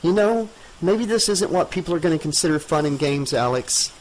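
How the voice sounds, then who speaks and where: A man voicing a terrified young woman who wails and pleads, pitched far above his own voice. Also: lively intonation, brisk. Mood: weary. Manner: panicked wailing.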